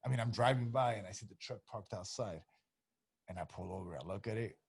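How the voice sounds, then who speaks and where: A man with a low, husky voice, telling a story in a relaxed tone. He swears freely and jumps between voices to act out each side. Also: a little fast. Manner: laid-back, swears freely, acts out both sides of stories. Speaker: guest, pro boxer. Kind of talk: casual storytelling chat.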